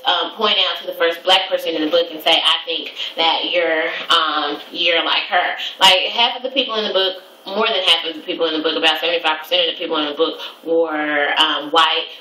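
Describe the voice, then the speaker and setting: A woman's voice: fairly low pitch, sharp tone. A young woman and hairstyling student ranting casually, swearing a lot, exasperated and rambling. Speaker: vlogger. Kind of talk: casual rant. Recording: echoey room, distant mic.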